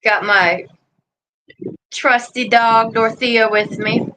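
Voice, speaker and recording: A livestream host chats and rambles casually outdoors in a yard, breaking off now and then to scold or coo at her dog. She speaks slowly in a high-leaning, steady voice with a sharp tone. The recording is rough, with slight background noise.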